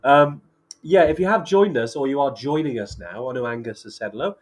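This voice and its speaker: A Welsh man co-hosts a casual live chat in a voice of middling pitch with a husky edge. He talks loosely, laughs often and fills pauses with "um" and "you know.". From Wales. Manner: chatty, laughs often, many fillers. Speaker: co-host.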